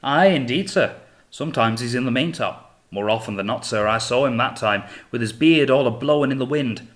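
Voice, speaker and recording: A man's voice: on the low side, brisk, a bit bright, lightly acted. A man voicing a frail, simple-minded male sailor who speaks in an apologetic, rustic way. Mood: excited.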